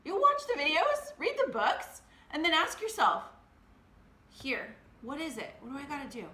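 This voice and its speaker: A high-voiced woman in her thirties delivers a motivational monologue as a podcast host. Her tone is crisp and bright, and she swings between rapid excited bursts and slow, quiet emphasis. The recording carries a noticeable roomy echo. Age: 30s.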